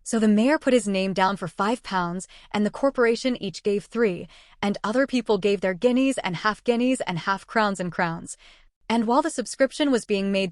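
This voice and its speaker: A woman narrating a storybook in an even, measured way. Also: mid-range voice, no echo, clean studio sound.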